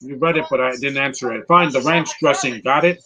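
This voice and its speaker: A man giving casual live movie commentary, rambling and answering viewers' questions with quick opinions. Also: medium pitch, bright, forceful tone, low-quality recording.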